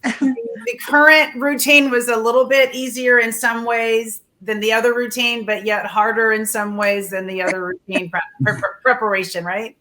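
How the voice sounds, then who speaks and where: A woman's voice: fairly high pitch, flat delivery, moderate pace, sharp tone. A woman hosting a casual interview show, speaking in an effusive, gushing way. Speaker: talk show host.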